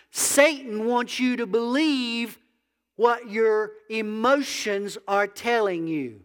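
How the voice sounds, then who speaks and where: A man's voice: high voice, slow pace, fairly bright tone, long reverb tail. A man, a biblical counselor, preaching a conversational sermon that asks the audience questions. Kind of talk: sermon to a congregation.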